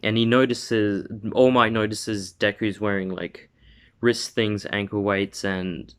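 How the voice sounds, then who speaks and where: A man's voice: fairly low pitch, fairly even intonation, takes it slowly, clear, resonant tone. A man casually retelling a fan story, rambling with fillers and correcting himself as he goes.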